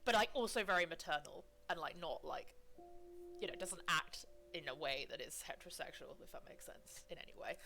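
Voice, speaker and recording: A woman's voice: low voice, brisk, vocal fry, faint music behind. A woman co-hosting a let's play, chatting in a giggly, rambling way full of "like"s. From United Kingdom. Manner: animated, giggly, rambling with many "like"s. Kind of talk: casual chat over gameplay.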